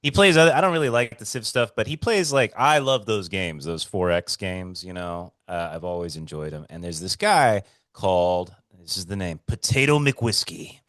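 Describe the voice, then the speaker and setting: A man with a very low voice in casual podcast chat. He tells stories in an animated way and swears freely. The sound is close and dry, with no room echo. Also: moderate pace, hardly any pauses. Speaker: podcast co-host.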